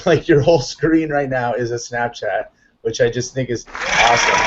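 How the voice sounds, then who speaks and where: An excitable man hosts a live online chat show, upbeat and rambling, full of fillers and restarts. His voice sits in an ordinary middle pitch. The sound is dull and lo-fi, like a web call. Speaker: host.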